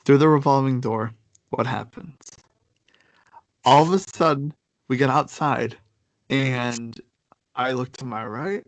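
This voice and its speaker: Slow and full of long pauses, the young man's mid-range voice has a gravelly, fry-edged texture. He rambles through his story casually, looping back with fillers and restarts, recorded close on a dead, dry mic without any room sound.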